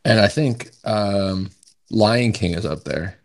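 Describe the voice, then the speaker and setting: A man's voice: fairly low pitch, takes it slowly, vocal fry, no echo. A man guessing trivia answers on a casual podcast, easygoing and a little hesitant. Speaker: podcast co-host, contestant.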